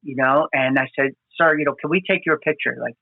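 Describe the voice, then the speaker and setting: Gravelly and on the high side, this man talks a little fast as he hosts his podcast, an FDNY firefighter recounting field stories. His telling is earnest and filler-heavy, conversational, with dry, phone-like remote audio.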